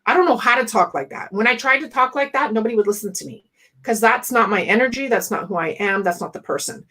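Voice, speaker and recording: A woman's voice: a little high, fast, a bit bright, low-quality recording. A woman business coach talking bluntly and with lots of energy in a podcast conversation, laughing often. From West Indian family.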